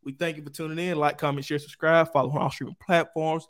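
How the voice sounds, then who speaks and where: A man, co-hosting a casual podcast. His voice sits a little high for a man. He is playful and slangy, and he laughs often as he tells stories. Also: little pitch movement, quick pace. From Mississippi, USA. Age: 20s. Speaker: podcast co-host. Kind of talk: casual chat.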